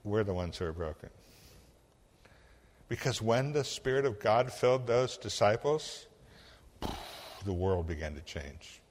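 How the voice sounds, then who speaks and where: A man from Illinois, a pastor telling a story in a sermon, acting out the voices and swinging from hushed to loud. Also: fairly low pitch, lively intonation, a little slow, pauses often, big-room sound.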